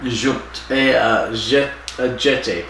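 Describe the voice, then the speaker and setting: A man co-hosting a podcast, recapping a plot in a slow, halting way with lots of fillers. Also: medium pitch, a bit bright, slight background noise. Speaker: podcast co-host. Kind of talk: casual chat recapping an episode. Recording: echoey distant room mic.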